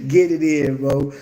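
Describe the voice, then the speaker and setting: A man's voice: a little high, dark tone, roomy sound. A man from Brooklyn, hosting a casual watch livestream in a laid-back, slangy way and laughing often. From Brooklyn, New York.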